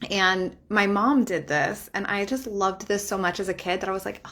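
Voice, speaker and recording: A woman's voice: medium pitch, steady tone, moderate pace, fairly bright tone. A woman in her thirties, a spiritual life coach talking to camera in a chatty, emphatic way, swearing casually and laughing often.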